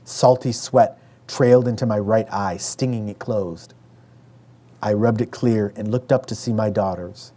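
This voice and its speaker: A man from Western New York reading aloud from his own memoir in a measured way, raising his voice for the family members he quotes. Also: lowish voice, fairly even intonation, mellow.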